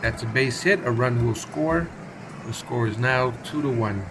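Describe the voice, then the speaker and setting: Gravelly-voiced man calling baseball play-by-play. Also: mid-range voice, measured pace, noisy background. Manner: casual and chatty, with asides and self-corrections. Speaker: play-by-play commentator. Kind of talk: solo play-by-play of a simulated baseball game.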